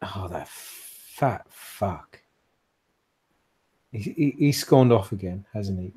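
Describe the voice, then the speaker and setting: A man's voice: on the low side, lively intonation, normal speed, dark tone, husky. A man voicing a retired female ex-fighter who is blunt, swears freely, and is protective. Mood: gruff. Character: blunt retired female ex-fighter, caring but foul-mouthed.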